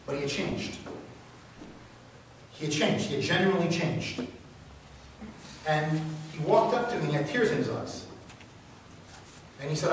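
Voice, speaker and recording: A man with a slightly high voice speaks to a room and tells stories with rising passion, often pushing into loud exclamations. His voice reaches the mic from far off. It booms around a very echoey hall over a faint hiss. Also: animated, measured pace, pauses often. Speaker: radio talk show host. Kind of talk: speaking to a meeting, answering questions. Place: meeting room.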